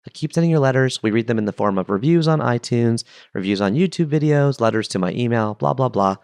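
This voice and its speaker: A man's voice: medium pitch, animated, quick pace, darkish tone, smooth, no room sound. A man hosting a podcast, chatting enthusiastically with playful asides into a close mic. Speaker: podcast host. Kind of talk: casual podcast monologue.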